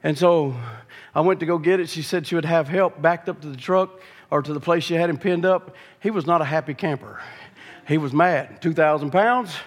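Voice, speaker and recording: A male preacher, telling a folksy story in his sermon that builds into shouted preaching. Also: fairly high pitch, normal speed. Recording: long reverb of a large hall.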